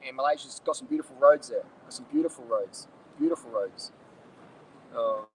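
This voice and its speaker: A man's voice: on the high side, breathy edge, rough recording. Blunt, profane man ranting. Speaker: cycling vlogger. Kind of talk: casual answering of viewer questions.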